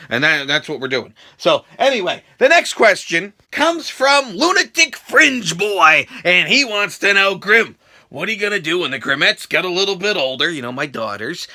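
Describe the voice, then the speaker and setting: A man in his thirties answering viewer questions in a casual vlog, profane and animated with wrestling-style bravado. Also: a little high. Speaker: YouTube vlogger.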